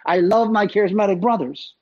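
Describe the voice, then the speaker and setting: A man preaching a sermon in a conversational, animated way, often checking in with "right?". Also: sits high, a little fast, dull audio. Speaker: pastor.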